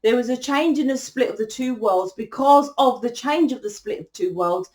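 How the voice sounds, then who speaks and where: A woman's voice: fairly high pitch, normal speed, a little mellow. Chatty rambling woman. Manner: rambling, chatty, swears freely. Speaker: spiritual channel host. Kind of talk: casual monologue.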